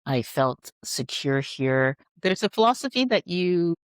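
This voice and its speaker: A middle-aged woman, an entrepreneur being interviewed, talking in a lively storytelling way. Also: on the low side, unhurried, clean tone, dry recording, studio quality. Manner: animated, acts out quoted voices. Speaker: entrepreneur guest.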